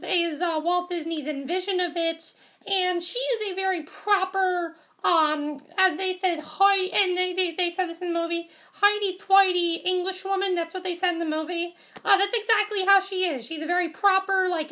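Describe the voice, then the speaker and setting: A woman with a very high voice talks through a movie review vlog. Her tone is bright and forceful, and she gushes with praise. She rambles and restarts often, filling gaps with ums. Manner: rambling, with many fillers and restarts; enthusiastic, gushing praise.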